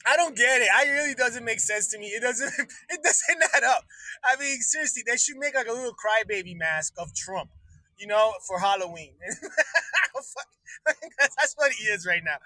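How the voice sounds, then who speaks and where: A man with a very high, piercing voice rants on his own livestream, swearing freely and laughing between his jabs. The sound is close and completely dry, with no room around it. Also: bright, forceful tone, no echo, rough recording. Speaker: livestream host. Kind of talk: profane political rant.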